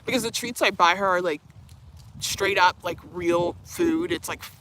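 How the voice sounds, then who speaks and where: A woman's voice: on the low side, normal speed, a bit bright, a little hiss or hum. A young woman streaming live, chatting casually, reading viewer comments, laughing often and cooing to her dog. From Canada.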